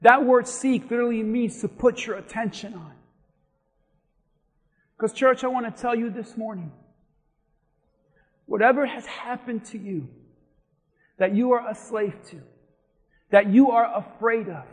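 A man preaching a sermon as pastor in a church, his delivery building from steady teaching to impassioned shouting. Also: extremely high pitch, a little slow, pauses often, big-room sound. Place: church sanctuary.

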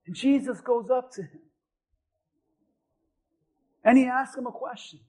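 A man preaching a sermon as pastor, building to shouted refrains and acting out voices. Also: extremely high pitch, a little slow. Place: church.

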